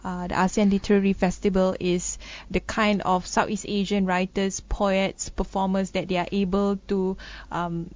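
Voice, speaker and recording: This Malaysian woman co-hosts a casual news chat, speaking in a mid-range, slightly mellow voice with little pitch movement, at a moderate pace with hardly any pauses. She laughs often, trades sarcastic banter, and thinks aloud with restarts. The studio sound is dull and dry.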